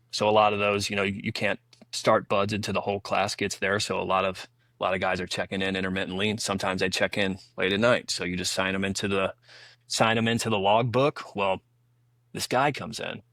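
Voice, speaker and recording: Gravelly low-voiced man telling war stories. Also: a bit bright, dry recording. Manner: rambling anecdotal storytelling with many restarts. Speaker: podcast guest, former Navy SEAL. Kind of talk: casual storytelling interview.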